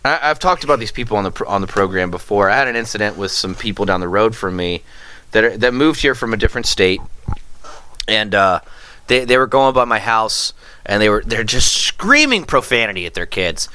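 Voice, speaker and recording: In a lowish, clear and resonant voice, this male podcast host briskly spins a story over casual chat. He's profane and animated, frequently cursing and performing other people's lines.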